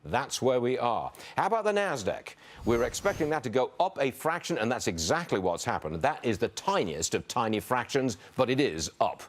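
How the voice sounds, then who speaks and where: A man anchoring a live business news show, reading out market figures in a brisk, conversational way with quips between the numbers. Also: medium pitch, very animated.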